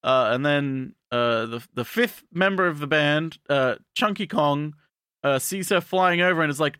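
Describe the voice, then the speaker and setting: Bright-voiced man recapping anime. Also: fairly high pitch, unhurried, smooth, no echo, clean studio sound. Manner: rambling, restarts, mock-dramatic asides. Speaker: podcast co-host. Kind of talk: casual comedic anime recap.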